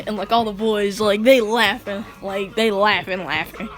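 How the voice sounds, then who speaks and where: A woman's voice: medium pitch, steady tone, unhurried, soft background music. A woman casually telling a fan-fiction story in slangy, joking talk, often breaking into laughter.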